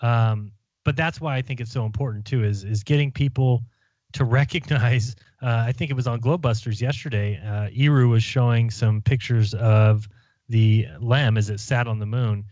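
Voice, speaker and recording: Male podcast host, relaxed and musing; mid pitch, dry muffled recording. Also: moderate pace, no room sound. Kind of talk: casual chat.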